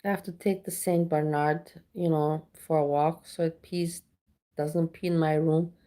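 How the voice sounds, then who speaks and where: A woman with a lowish, mellow voice chats on a live stream. She talks straight to her viewers and turns blunt and sweary when she rants. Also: fairly even intonation, unhurried. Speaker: livestreamer. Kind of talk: casual live stream chat.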